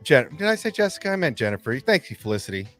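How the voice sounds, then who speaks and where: A man hosting a fan channel, recapping an episode in casual livestream chat, excitable and acting out lines in voices. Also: mid-range voice, quick pace, soft background music. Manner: excitable, acts out quotes in voices.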